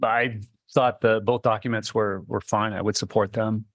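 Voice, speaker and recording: A board member, a man, gives his view slowly and evenly. His voice is fairly low and sounds dry and close. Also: little pitch movement, fairly bright tone, dry recording. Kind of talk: public meeting discussion. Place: board meeting room.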